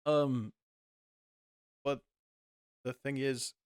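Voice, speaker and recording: A man's voice: medium pitch, extremely slow, clean tone, no room sound, studio quality. A man, a podcast co-host, telling stories in casual chat and laughing often. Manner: animated storytelling, laughs often.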